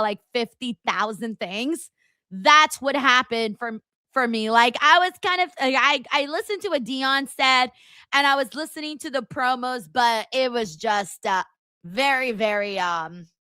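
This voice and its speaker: This woman has a high, sharp voice, recorded cleanly in a studio with no echo. She hosts a live watchalong stream, chatting bluntly and casually with viewers in a rambling way, full of fillers and asides to chat.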